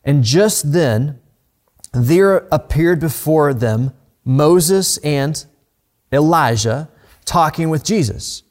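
A man preaching a sermon, reading scripture and explaining it in a reflective, emphatic way, dropping softly at quiet moments. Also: on the high side, expressive, takes it slowly. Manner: reflective, emphatic Bible teaching with soft hushed moments. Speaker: pastor.

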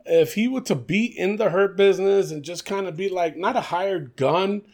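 A young man co-hosts a podcast, chatting casually and animatedly about wrestling. His voice sits high and has a darkish tone at a normal speed, and he laughs often and uses lots of fillers.

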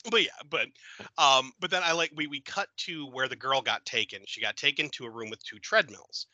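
Bright, animated male podcast host. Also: medium pitch, fairly quick, dry recording, poor audio. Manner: animated, giggly storytelling. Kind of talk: casual film review chat.

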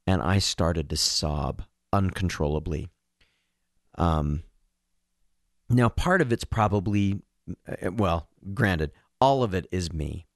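Man, very deep voice, earnest, self-deprecating, book podcast co-host, dry close mic. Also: animated, slow, long pauses, no room sound. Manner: earnest and emotional, reads a passage aloud, self-deprecating. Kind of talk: casual book discussion.

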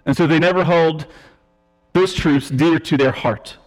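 A man's voice: a little high, measured pace. A male preacher delivering a teaching sermon, emphatic and explanatory, with self-deprecating asides. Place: church sanctuary. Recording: long reverb of a church hall.

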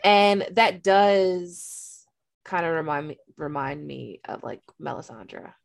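A woman's voice: low-pitched, fairly even intonation, slow, creaky, no echo. A woman co-hosting a podcast, chatting casually about a fantasy book and swearing freely. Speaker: podcast co-host.

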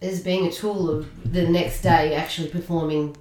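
A chatty woman in middle age tells stories with rising bursts of excitement. She sits back from the microphone, and the room around her rings with echo. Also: low voice, normal speed, recorded from a distance, a loud crowd. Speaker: podcast co-host and weightlifter. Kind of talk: casual podcast chat.

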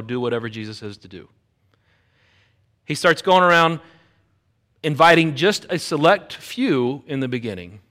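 A middle-aged man preaching a sermon as a pastor. He tells a personal story with lively energy and acts out the voices of the people in it. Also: on the high side.

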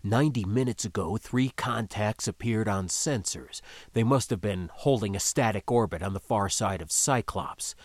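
A man voicing a gruff middle-aged male ship skipper who speaks low, flat and clipped. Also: moderate pace, no room sound, natural voice. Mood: grim.

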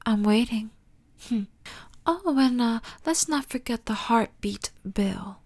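A woman's voice: fairly high pitch, animated, takes it slowly, darkish tone. A woman hosting her own opinion podcast alone, sassy and sarcastic, calling the listener honey and darling, cussing freely and often dropping into a half-whispered aside. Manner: cusses freely. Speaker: podcast host.

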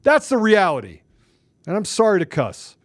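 An agitated man, a guest on a talk show, ranting angrily and forcefully, often repeating himself. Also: high-pitched, wildly swooping pitch, normal speed. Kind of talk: heated political rant.

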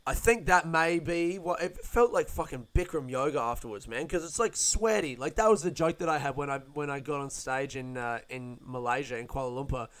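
A man's voice: mid-range voice, a bit bright, smooth. A young man hosting a podcast, rambling through a casual, self-deprecating, sweary monologue. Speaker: podcast host, comedian.

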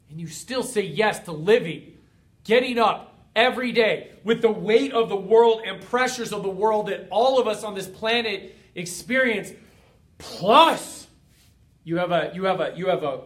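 A man with a notably high speaking voice gives an energetic motivational talk as a coach to his community. Fired up and emphatic, he stacks repeated phrases one after another for effect.

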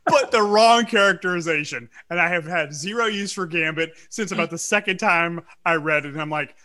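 A man from South Louisiana chatting on a podcast with a bright, forceful voice pitched a little high. He tells stories in an animated, profane way and keeps restarting his sentences. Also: a little fast. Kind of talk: casual chat.

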